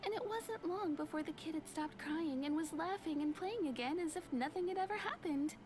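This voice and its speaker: A woman voicing a gentle, soft-spoken young townswoman with a soft, slightly squeaky, near-whispered voice who tells stories patiently. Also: fairly quick.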